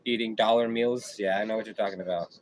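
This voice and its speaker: A man's voice: fairly low pitch, fairly even intonation, fast talker, slight background noise, rough recording. A man hosting a casual live stream, chatting in a slangy, laid-back way and often repeating himself. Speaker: livestream host.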